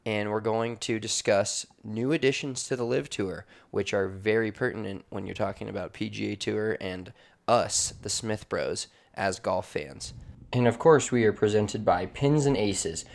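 Brash male podcast co-host, lowish voice, swears casually, rambling storyteller. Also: unhurried, gravelly. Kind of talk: casual chat and read sponsor spot. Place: makeshift studio office.

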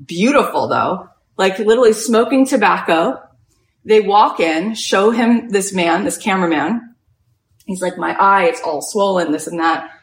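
A woman hosting a podcast, giving an inspirational talk and telling a story with lots of "like" in her speech. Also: a little high. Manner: animated storytelling, heavy use of "like". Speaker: podcast host and retreat leader. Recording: echoey room.

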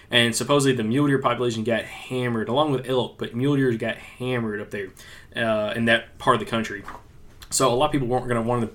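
Bright-voiced, animated male podcast co-host. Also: mid-range voice. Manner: animated storyteller, addresses listeners as guys. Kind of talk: casual hunting podcast chat.

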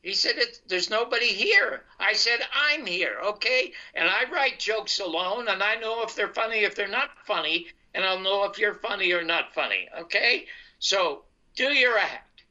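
Older man telling an anecdote, bright tone. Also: high-pitched, normal speed, few pauses. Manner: animated storyteller quoting others in dialogue. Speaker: guest comedian. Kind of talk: storytelling anecdote. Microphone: video call. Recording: muffled internet call line.

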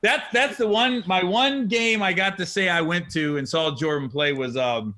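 Comedian guy in his 40s, high bright voice, swings all over, laughs a lot telling stories. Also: moderate pace. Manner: animated, laughing, acts out quotes. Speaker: podcast host, comedian. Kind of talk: casual storytelling chat.

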